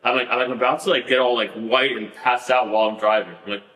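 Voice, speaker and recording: Animated man telling a story, bright voice. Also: mid-range voice, fast talker, echoey room, low-quality recording. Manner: animated, laughing storyteller with many "like" fillers. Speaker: podcast guest. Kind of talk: casual storytelling interview.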